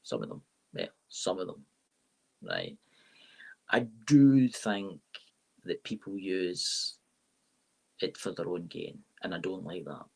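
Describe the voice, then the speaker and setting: A man's voice: sits low, very animated, slow, pauses often, darkish tone. A Scottish man, a tarot reader and paranormal podcaster, talking in a rambling way on a live-stream interview and often saying "right?". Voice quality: gravelly, husky. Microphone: live-stream mic.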